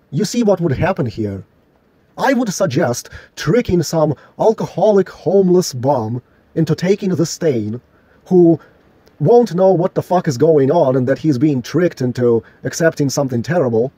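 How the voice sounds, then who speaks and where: A man's voice: fairly high pitch, lively intonation, moderate pace, dark tone, breathy edge, dry recording. A man delivering a solo vlog rant in an indignant, argumentative, profane way. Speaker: vlogger.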